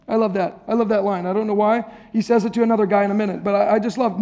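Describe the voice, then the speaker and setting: A man's voice: high-pitched, fast, a little mellow. A man preaching a sermon to a congregation in a church, conversational and playful, joking with his listeners. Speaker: pastor. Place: church service before a congregation.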